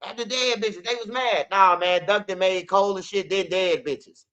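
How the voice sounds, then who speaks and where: A man's voice: sits high, moderate pace, fairly bright tone, clean tone, highs cut off. A man ranting loosely and bluntly in casual street news commentary, repeating himself and mocking rap lines. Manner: loose, blunt, profane rant with repeats and mock rapping. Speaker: commentary channel host.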